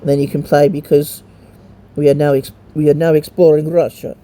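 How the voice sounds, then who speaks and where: A man's voice: a little high, flat delivery, brisk, dark tone. A man casually walking a friend through a mobile game, rambling and hesitant with lots of ums and restarts, and swearing now and then. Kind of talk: casual gameplay walkthrough.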